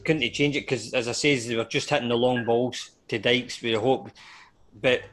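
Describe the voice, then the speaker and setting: A man's voice: medium pitch, steady tone, moderate pace, a bit bright. A man in a casual football chat who talks hesitantly and often trails off unsure. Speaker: football pundit.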